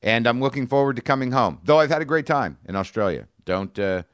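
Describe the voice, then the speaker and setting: Wry self-mocking podcast host. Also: male voice, medium pitch, lively intonation, a little fast, a bit bright. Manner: wry, self-deprecating, rambling with restarts. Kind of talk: candid podcast talk.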